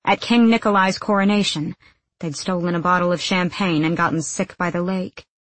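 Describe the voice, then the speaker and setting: A woman narrates a novel in a steady, measured way. Her voice is low with a husky texture. The recording is close and dry. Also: dry recording. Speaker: audiobook narrator. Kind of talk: scripted narration.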